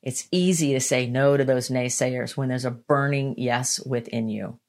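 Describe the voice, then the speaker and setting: A woman giving a motivational self-help talk, earnest and emphatic, repeating her key lines and slowing down to stress them. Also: extremely low pitch, fairly even intonation. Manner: slows down to stress points. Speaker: motivational speaker.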